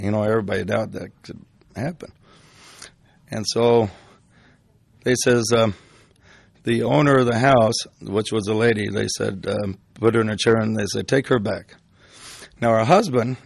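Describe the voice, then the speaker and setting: Gravelly older man telling rambling stories. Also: fairly low pitch, no room sound. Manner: rambling, with restarts and fillers. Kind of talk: casual storytelling.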